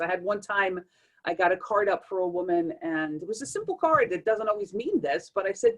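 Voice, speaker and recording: A woman guest talks through how she reads tarot cards, with a voice of medium pitch. She explains at an unhurried, conversational pace and often slips into animated little quoted scenes from readings. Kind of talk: explanatory interview talk.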